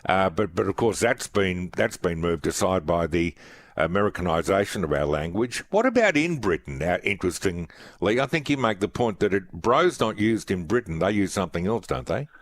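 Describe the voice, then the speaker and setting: Aussie radio host guy, lowish voice, dry studio sound, earnest. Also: big pitch swings, moderate pace, no room sound. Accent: Australian. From Australia. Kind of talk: radio interview.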